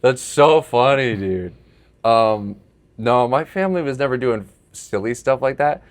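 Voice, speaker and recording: A man's voice: medium pitch, measured pace. A young man hosting a podcast, casually telling family stories and laughing often. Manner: storytelling, laughs often, animated when acting out scenes. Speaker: podcast host. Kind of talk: casual chat.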